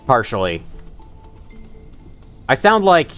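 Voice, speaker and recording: A man's voice: mid-range voice, huge pitch swings, slow, a bit bright, soft background music. A man streaming a game live, chatting casually, laughing often and poking fun at himself. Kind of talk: live gameplay commentary.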